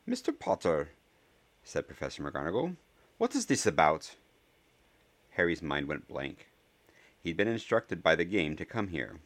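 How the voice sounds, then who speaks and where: A man with a very low voice reads fiction aloud in a steady, measured way. His asides are casual, with the odd um. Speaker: audiobook reader.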